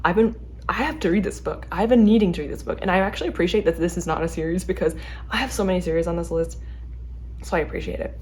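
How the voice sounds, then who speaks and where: Fast-talking young woman book vlogger. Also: on the low side, a little mellow, a little hiss or hum. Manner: chatty, fast, with many fillers and restarts. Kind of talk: casual chat to camera.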